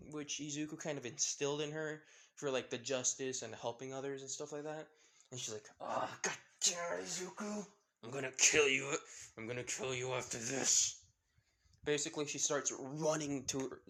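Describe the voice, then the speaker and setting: Guy rambling through a fan story, lots of basically and pretty much, keeps correcting himself. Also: mid-range voice. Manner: rambling, self-correcting, filler-heavy. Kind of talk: casual fan-fiction storytelling.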